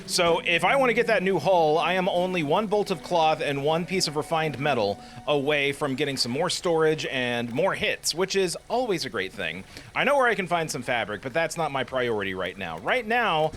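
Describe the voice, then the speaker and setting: A man giving jokey, self-deprecating commentary over a video game. His voice is bright and lively, swinging up and down often, with a slightly raised pitch and faint background noise. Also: moderate pace. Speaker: let's play host. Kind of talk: casual gameplay commentary.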